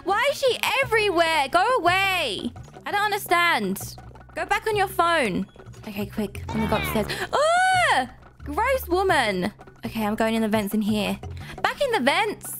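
A high-voiced woman talks through a game as she plays, her pitch bouncing all over. She gasps and squeals at every surprise. Faint game music sits under her voice. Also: moderate pace. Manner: animated, gasping and squealing at surprises. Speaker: gaming video creator. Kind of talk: playing an obby game and narrating.

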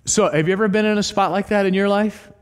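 A middle-aged pastor with a high-sitting, clean-toned voice talks fast as he preaches in a church sanctuary. His sermon is animated storytelling full of acted-out quotes, and the hall adds a long reverb.

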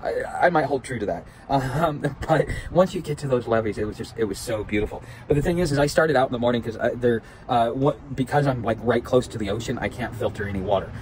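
A man telling a rambling, animated story about his hike in a casual outdoor vlog with lots of restarts. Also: medium pitch, fast, hardly any pauses, low-quality recording. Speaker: vlogger. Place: outdoors at a campsite. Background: wind and outdoor ambience.

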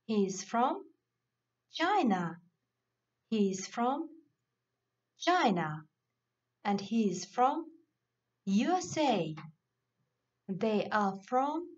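A woman teacher reads out country and nationality words one by one, very slowly and deliberately. Her voice sits a little high and swings up and down in a lively way. The recording sounds dull and lo-fi. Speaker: English teacher. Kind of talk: slow classroom vocabulary lesson.

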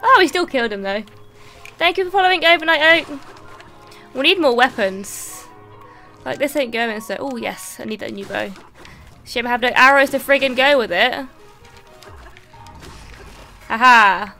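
A woman streamer giving excitable, swearing live commentary while playing a game and thanking viewers. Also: fairly high pitch, moderate pace, faint music behind.

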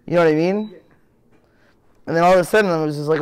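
A man's voice: a little high, fast, clear, resonant tone, no room sound. A man in his twenties with a Boston accent telling a story casually. His talk rambles, is full of "like" and "you know", and he acts out what he said back then. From Boston area. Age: 20s. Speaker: interviewee.

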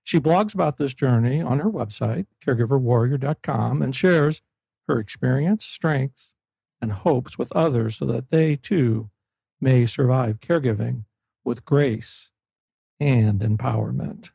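A male podcast host, chatty and upbeat, who laughs easily. His voice is gravelly and husky, with a mellow, darker tone. The sound is dry and close. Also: mid-range voice, unhurried, no room sound. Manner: chatty and enthusiastic, laughs often. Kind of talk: casual podcast interview. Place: Florida.

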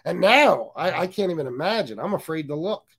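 A man's voice: a little high, animated, brisk, fairly bright tone, breathy edge. A man hosting a casual livestream, joking, cursing, and reading viewer comments aloud. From US Northeast. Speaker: livestream host.

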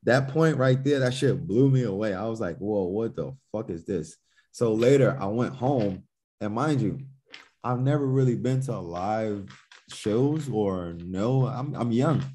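A man's voice: mid-range voice, measured pace, warm tone, a little hiss or hum. A man telling stories on a podcast in a laid-back, loose way, swearing freely and acting out his own past reactions. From Newark, New Jersey. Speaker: podcast guest, musician. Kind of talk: casual storytelling chat.

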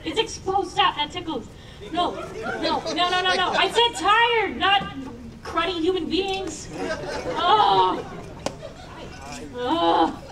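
A woman hosting a convention panel, talking to the crowd in a playful, animated way, often laughing. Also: very high voice, takes it slowly, pauses often. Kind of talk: live panel commentary to an audience. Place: convention panel room with audience. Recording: distant camera, crowd noise.

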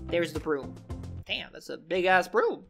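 A young man commenting on a horror game, joking and shouting at the scares. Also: high-pitched, lively intonation, unhurried, vocal fry, music in the background. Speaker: gaming commentator.

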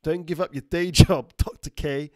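A man's voice: on the high side, steady tone, normal speed, no echo, studio quality. A middle-aged man, a doctor hosting a casual livestream, chatting loosely, laughing often and reading out viewer comments. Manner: chatty, laughs often, slips into joke accents.

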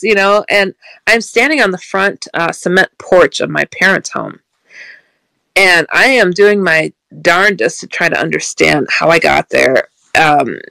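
A woman guest telling a personal story, animated and stuttering, and often laughing. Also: on the low side, creaky, dry recording, rough recording. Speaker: interview guest.

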